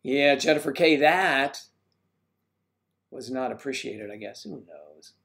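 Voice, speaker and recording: An older man hosting a casual livestream, joking and rambling as he reads viewer comments, often clearing his throat. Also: medium pitch, expressive, unhurried, a bit bright. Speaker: host of a livestream. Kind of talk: casual live chat reading viewer comments.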